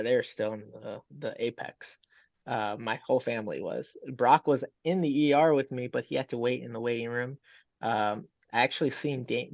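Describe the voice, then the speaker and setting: A man's voice: medium pitch, no echo. A young man, a fighter, chatting casually in an interview over a video call, rambling with lots of fillers and retold dialogue. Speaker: MMA fighter guest. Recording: dull, dry video call audio.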